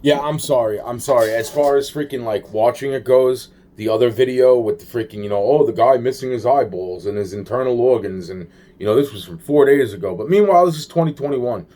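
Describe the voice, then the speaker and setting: A man's voice: medium pitch, a little fast, few pauses, dark tone. A man rambling to camera in a profane, agitated monologue, repeating himself and trailing off.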